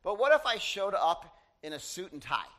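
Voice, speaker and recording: A pastor preaches a sermon in a conversational, animated style, throwing in asides to the congregation. His voice sits high, and he keeps a moderate pace.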